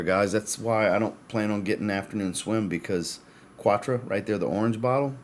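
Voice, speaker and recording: Deep-voiced man reviewing fragrances. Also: normal speed. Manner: chatty, descriptive, addresses viewers as guys. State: has the hiccups. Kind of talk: casual product review.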